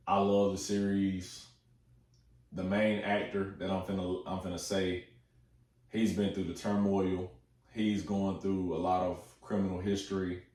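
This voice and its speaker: Young man, fairly low voice, excited slangy movie chat, swears a lot; echoey room, mic set back. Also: distant mic. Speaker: movie talk host.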